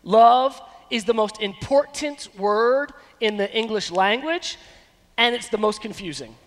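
A man in his thirties preaching a sermon as pastor, animated and given to breaking into snatches of song. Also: high-pitched, a little slow. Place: church sanctuary. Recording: long church hall reverb.

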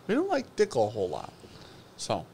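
Man, whiskey-show co-host, loose joking banter, mid-pitched, rambling delivery. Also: huge pitch swings, brisk, crowd noise. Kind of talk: casual live-stream chat.

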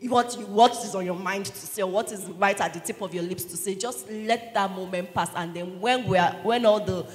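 Halting woman speaking in a church hall. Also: medium pitch. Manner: thoughtful, halting speech. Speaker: panelist. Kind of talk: testimony on a church panel.

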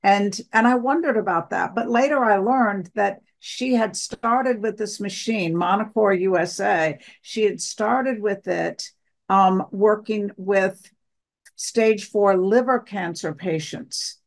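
A woman's voice: medium pitch, takes it slowly, vocal fry. A woman recounting a personal story in an interview, acting out the dialogue of the people in it. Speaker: guest, wife of the other guest.

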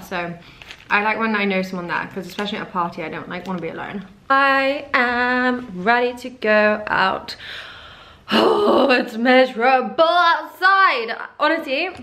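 A woman's voice: mid-range voice, a bit bright. A young woman chatting casually to the camera at home for her fashion vlog, gushing and filling her sentences with "like". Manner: chatty, says "like" often, gushing. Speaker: fashion vlogger. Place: at home indoors.

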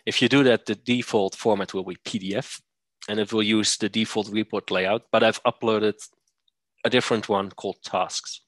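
A man presenting a software demo, walking through steps methodically with occasional fillers. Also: lowish voice, steady tone, normal speed, dry recording. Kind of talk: screen-share software demo.

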